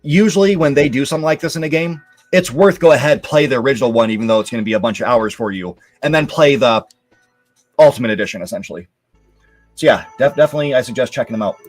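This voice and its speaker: A man's voice: mid-range voice, fast, soft background music. Casual rambling man hosting a live show. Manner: relaxed, rambling, lots of fillers. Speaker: show host. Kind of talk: casual live-stream commentary.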